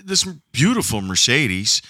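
A man's voice: mid-range voice, very animated, measured pace, sharp tone, no room sound, clean studio sound. Laughing man host telling a rambling story. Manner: laughs often, rambling and good-humored. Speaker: podcast host. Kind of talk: casual storytelling chat.

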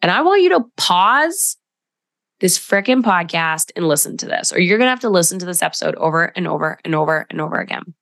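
A woman's voice: on the low side, animated, a little fast, fairly bright tone, no room sound. Direct, coaching podcast woman, dry close sound. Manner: direct, coaching tone with emphatic asides. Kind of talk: solo podcast talk.

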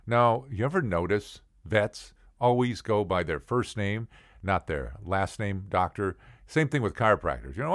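A middle-aged man telling a personal story in a casual, chatty way, with asides to the listener and animated impressions of the people in it. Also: fairly low pitch, unhurried, no room sound, studio quality. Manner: animated, acts out the other people's voices. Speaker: podcast storyteller.

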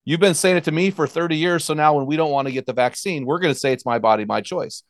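A man's voice: fairly high pitch, quick pace, dry recording, studio quality. A middle-aged man hosting a talk show, chatting in a conversational, emphatic way. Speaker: host. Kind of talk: casual talk show chat.

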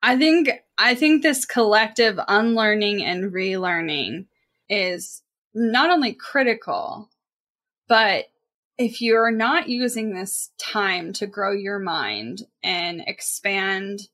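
A woman's voice: mid-range voice, animated, slow pace, a bit bright. A woman co-hosting a podcast, talking earnestly and emphatically in casual chat, with frequent filler words. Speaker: podcast co-host.

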